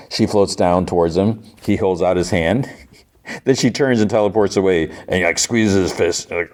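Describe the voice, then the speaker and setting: A man's voice: low-pitched, normal speed, darkish tone. A man hosting a podcast, casually recapping a TV episode in a chatty, filler-heavy way. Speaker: podcast host.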